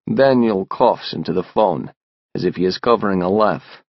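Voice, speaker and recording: A male narrator reads a first-person audiobook in a measured, restrained manner. His voice sits low with a gravelly edge, recorded close and dry with a slightly dull tone. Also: lively intonation, no room sound.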